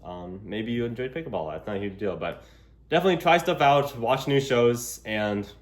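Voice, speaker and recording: A man's voice: mid-range voice, lively intonation, moderate pace. A young man talking casually to a handheld camera while walking in public, rambling with lots of fillers. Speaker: vlogger. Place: outdoors in public. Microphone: gimbal camera held while walking.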